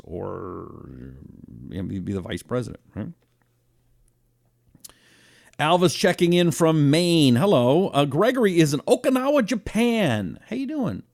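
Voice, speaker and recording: A male talk show host with a gravelly, fry-heavy voice and a lively, swinging delivery. He rambles through listener comments on his own broadcast setup, in a casual and animated way. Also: a little high. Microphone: own broadcast setup, fixing a failed mic on air.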